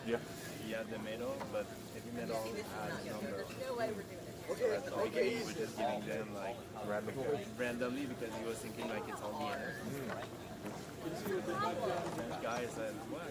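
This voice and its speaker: A man's voice: fairly low pitch, moderate pace, long pauses, a loud crowd. A man chatting casually at an outdoor race, rambling and filling his sentences with "like". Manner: rambling, peppered with "like".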